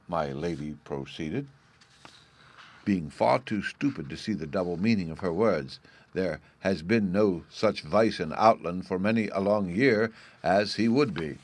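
A man narrating a storybook in a measured, even reading. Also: deep voice.

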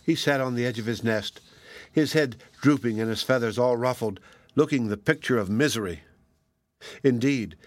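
A man narrating a fairy tale in a measured, plain storytelling voice. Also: medium pitch, dry recording.

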